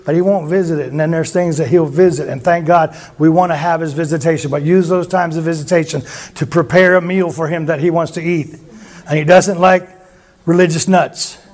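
A man preaching a sermon through rambling anecdotes, with frequent restarts. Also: high voice. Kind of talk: sermon storytelling.

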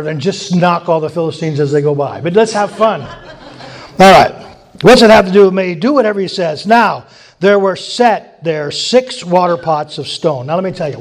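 A man preaching an informal sermon, conversational, with chuckling asides and emphatic repetition. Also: high voice.

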